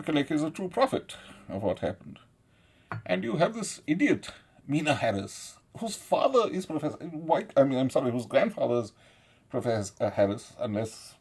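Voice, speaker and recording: A man's voice: on the low side, gravelly, a little mellow, slightly rough. A middle-aged man from South India, giving a rambling, profane political monologue and laughing often between points. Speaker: commentator.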